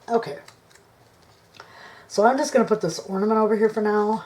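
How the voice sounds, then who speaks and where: A woman vlogging her craft work to camera on a tripod, thinking aloud, indecisive, often dropping into soft mutters. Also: mid-range voice, a little fast, pauses often, slight background noise. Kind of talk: casual crafting chat to camera.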